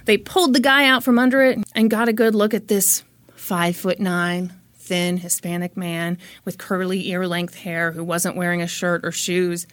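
A woman's voice: fairly low pitch, little pitch movement, moderate pace, no echo. A woman hosting a podcast, telling a true-crime case in a chatty, dramatic way and swearing freely. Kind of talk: casual storytelling.

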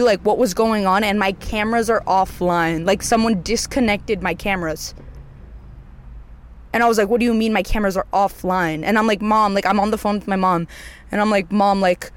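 A young adult vlogger telling a personal story in a casual, rambling way, swearing often and leaning on "like", with sudden jumps up in pitch when acting out their own panic. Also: brisk, clear, resonant tone. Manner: rambling, heavy swearing, filler "like".

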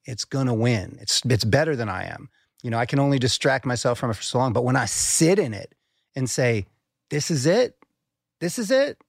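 A man talks as a guest on a podcast, reflective and earnest, with a gravelly edge to his voice. He swears now and then and stumbles into thoughts by repeating words. The sound is dry and close. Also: medium pitch, fairly quick, dry recording. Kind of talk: conversational podcast talk.

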